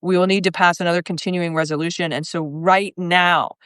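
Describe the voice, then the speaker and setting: Woman, political guest, angry, swearing, emphatic, smooth clear voice, dry sound. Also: on the low side, steady tone, fairly quick, fairly bright tone, no room sound. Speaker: podcast guest. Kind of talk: heated political discussion.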